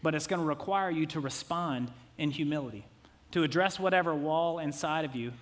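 Man, 30s, pastor; relaxed conversational sermon with humorous asides, a touch high in pitch. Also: fairly quick. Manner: conversational, jokey asides, acts out quotes.

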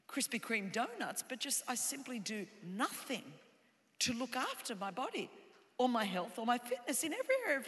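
A woman preaching a sermon to a congregation, emphatic, with rhythmic repetitions that build to shouts. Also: on the high side. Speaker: pastor. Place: large hall with live congregation. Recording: reverberant hall sound.

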